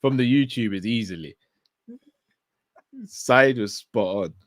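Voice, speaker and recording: A young man in casual football chat, relaxed and agreeable. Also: fairly low pitch, slow, no room sound. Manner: relaxed, agreeable, chuckling back-and-forth.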